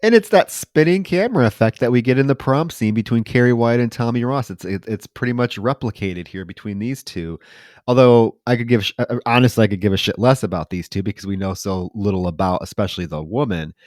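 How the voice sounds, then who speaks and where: A man's voice: lowish voice, fairly quick, darkish tone, dry recording, studio quality. A man co-hosting a podcast, recapping a film plot with wry mock outrage in casual chat. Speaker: podcast co-host.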